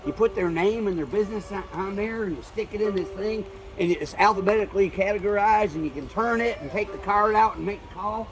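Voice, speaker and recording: A man's voice: sits high, brisk, hardly any pauses, poor audio. A man telling old corny jokes in a folksy way at an outdoor festival, chuckling at his own punchlines. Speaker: folk musician and storyteller. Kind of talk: joke telling and singing with guitar at a fair. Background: guitar playing.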